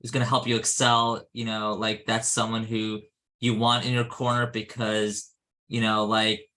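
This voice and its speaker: A man's voice: lowish voice, completely flat delivery, normal speed, pushed and bright. A man taking part in a class discussion, rambling through his question with many uses of "like" and "you know.". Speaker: class participant.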